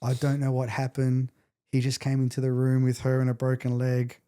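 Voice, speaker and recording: A man's voice: mid-range voice, moderate pace, smooth. A middle-aged man, a podcast guest telling an emotional story with intensity and acting out the quotes. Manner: intense, animated retelling, acts out quotes.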